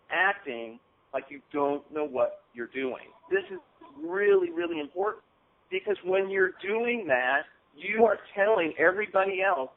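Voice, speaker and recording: A man giving a casual motivational coaching talk on a call, often checking in with "okay?". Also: fairly high pitch. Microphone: phone call. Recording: phone-line audio.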